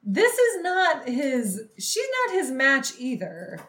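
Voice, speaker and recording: A woman's voice: high voice, wildly swooping pitch, takes it slowly, a bit bright. A woman co-hosting a casual podcast chat, joking and blunt, swearing freely. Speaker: podcast co-host. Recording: roomy echo.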